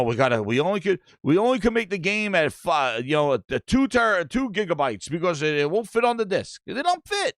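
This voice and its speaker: A man's voice: sits high, dry recording, clean studio sound. A man hosting a gaming podcast, ranting casually with plenty of swearing and reading chat messages aloud. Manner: animated, profane, reads chat aloud. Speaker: podcast host. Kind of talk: casual live-stream rant.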